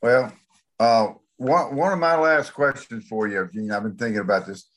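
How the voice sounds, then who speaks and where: A man's voice: medium pitch, moderate pace, fairly bright tone. A man interviewing a former player, asking questions casually.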